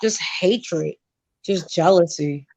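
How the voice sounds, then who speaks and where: A calm, earnest woman co-hosting a casual podcast, her voice very low for a woman. She makes her points steadily and sincerely. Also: slow. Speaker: podcast co-host. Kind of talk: casual chat.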